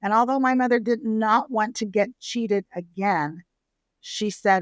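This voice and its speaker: A middle-aged restaurateur from San Antonio, Texas, recounts her family's history during a relaxed interview, bringing the people she quotes to life with lively impressions. Her voice is mid-range and moves at a normal speed, with no room sound in the recording.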